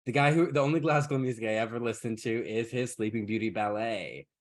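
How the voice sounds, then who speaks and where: Male podcast host, mid-pitched, sarcastic and casual, swears freely. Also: quick pace. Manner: wry, sarcastic storytelling. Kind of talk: casual chat.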